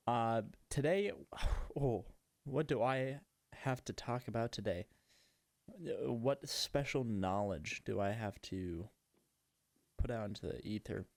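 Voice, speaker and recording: A man's voice: mid-range voice, a little mellow, no room sound, clean studio sound. A man hosting a casual gaming podcast, chatting in a rambling, self-mocking way while he plays. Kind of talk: casual chat while playing a game.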